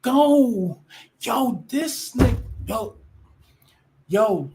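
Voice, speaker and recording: A woman's voice: a little high, expressive, extremely slow, background noise. A woman ranting casually to her viewers, blunt and profane, often restarting her sentences. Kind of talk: casual rant to camera.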